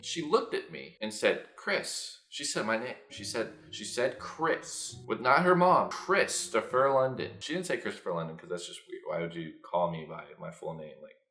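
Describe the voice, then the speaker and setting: Animated young man telling a story. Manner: animated, profane, jumps into loud high-pitched impressions. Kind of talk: casual storytime vlog. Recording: echoey room with faint music.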